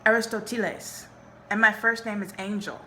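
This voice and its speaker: A woman's voice: mid-range voice, animated, moderate pace, pushed and bright, slight background noise, rough recording. A woman reading a wry, guarded teenage boy. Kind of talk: reading a novel aloud.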